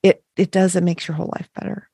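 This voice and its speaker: A woman hosting a podcast, speaking reflectively and haltingly with many fillers. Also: lowish voice, fairly even intonation, creaky, warm tone, slightly rough, dry recording, studio quality. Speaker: podcast host. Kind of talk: casual podcast interview.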